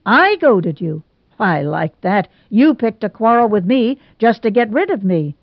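A woman's voice: medium pitch, big pitch swings, unhurried, no room sound. A woman reading as a fiery, indignant young woman. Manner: stormy, indignant. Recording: dull lo-fi recording.

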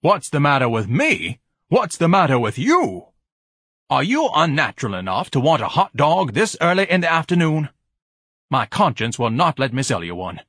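A man's voice: fairly high pitch, big pitch swings, moderate pace, a bit bright, husky, dry recording, clean studio sound, voice pushed up, exaggerated voice. A man voicing a pompous, fussy grown man who speaks in lofty, formal phrases. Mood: haughty. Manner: haughty, lofty, fussy diction, shrieks when upset.

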